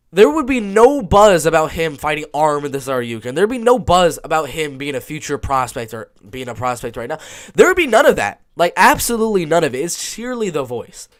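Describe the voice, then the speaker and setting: A man hosting a casual reaction video, rambling and stammering as he repeats himself. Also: fairly high pitch. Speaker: YouTube reaction host.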